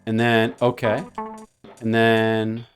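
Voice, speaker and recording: A man's voice: lowish voice, completely flat delivery, takes it slowly, soft background music. A man live-streaming a retro puzzle game, chatting playfully and rambling to a viewer while he plays. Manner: playful, rambling, jokingly addresses a viewer by name.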